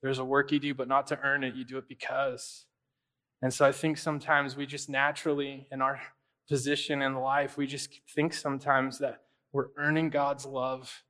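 A young adult man preaching as a pastor, telling a personal story in a relaxed, conversational way, often using fillers and asking "right?". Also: medium pitch, normal speed. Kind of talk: casual storytelling sermon.

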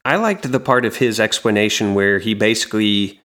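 A low-pitched American man recaps a comic on a casual podcast. He talks in a relaxed way, with plenty of ums and the odd dry joke. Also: moderate pace. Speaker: podcast co-host. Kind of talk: casual chat about comics.

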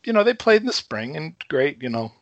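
Animated storytelling man in his fifties. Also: fairly high pitch, brisk, dry recording, dull audio. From Chicago. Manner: animated storyteller, swears freely, chuckles between lines. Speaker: podcast guest. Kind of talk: casual storytelling.

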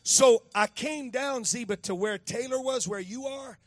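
A man in his fifties preaching a storytelling sermon, talking to a child beside him and repeating phrases as he builds to shouting. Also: very high-pitched, measured pace, no echo, soft background music.

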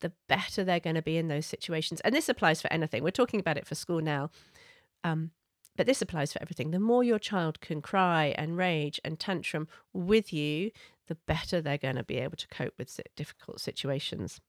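Gentle low-voiced woman giving parenting advice. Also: a little fast, no echo, clean studio sound. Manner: gentle, earnest, explanatory. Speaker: parenting coach.

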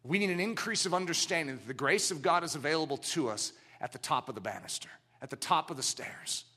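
A middle-aged man preaching a sermon, swinging from loud declarations down to hushed, low passages. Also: expressive, fast talker.

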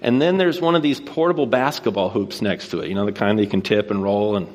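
A man preaching a sermon from a stage, telling a neighborhood story in a relaxed conversational way and then posing rhetorical questions. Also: on the low side, fast. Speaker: pastor. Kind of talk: sermon with personal anecdote.

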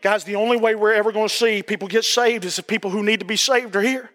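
A middle-aged male pastor preaching a sermon in a church. He repeats his phrases and breaks into emphatic shouting. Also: high-pitched, fairly even intonation, fast, long reverb tail. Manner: emphatic, repetitive, bursts into shouting.

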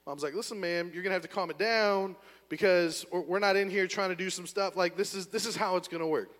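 High-voiced animated pastor in a hall. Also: male voice, fast talker. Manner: animated storyteller, acting out scenes with a volunteer. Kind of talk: sermon with storytelling. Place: church auditorium.

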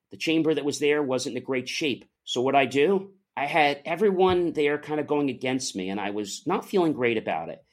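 An animated man recounts a personal story as an interview guest, his pitch rising and falling across a wide range. He sits in an ordinary middle pitch and slips into the voices of the people he describes.

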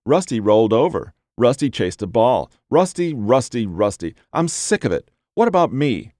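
A man's voice: mid-range voice, big pitch swings, normal speed, darkish tone, no room sound, studio quality, pitched above the performer's own voice, natural voice. A man voicing a resentful, jealous young woman, raising his voice for her bitter complaints. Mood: bitter, upset. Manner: raised bitter pleading lines.

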